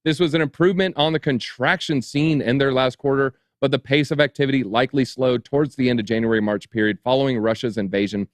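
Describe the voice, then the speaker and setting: A man's voice: mid-range voice, steady tone, quick pace, hardly any pauses, no room sound. Man reading market news with sarcastic asides. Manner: reads headlines, then adds dry sarcastic asides. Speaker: crypto show co-host. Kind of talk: news commentary, reading articles aloud.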